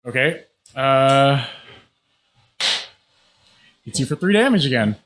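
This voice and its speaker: A man's voice: mid-range voice, expressive, slow pace, fairly bright tone. A man narrating a tabletop game as game master, describing scenes and rules in a casual way with plenty of fillers.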